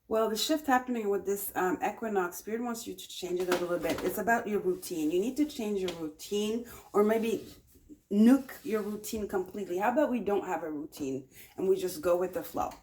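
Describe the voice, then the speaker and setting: A woman's voice: medium pitch, fairly quick, darkish tone, a little hiss or hum. Chatty woman giving a tarot reading. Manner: chatty, encouraging, repeats phrases often. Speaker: tarot reader. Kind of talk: casual pick-a-card tarot reading.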